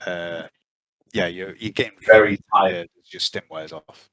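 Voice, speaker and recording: A man's voice: low-pitched, steady tone, unhurried, crowd noise, poor audio. A man narrating as game master in a casual, joking way, on his own mic in an online session. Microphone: own computer mic.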